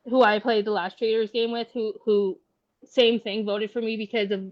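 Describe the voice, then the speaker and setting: A woman's voice: fairly high pitch, little pitch movement, moderate pace, lo-fi sound. A woman contestant giving a defiant, emotional speech after being voted out, upset and fighting back tears, swearing and defending herself. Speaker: game contestant.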